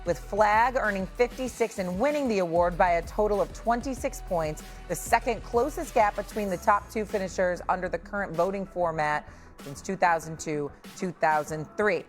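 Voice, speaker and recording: A woman's voice: medium pitch, normal speed, faint music behind. Woman moderator reading sports news. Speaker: show moderator.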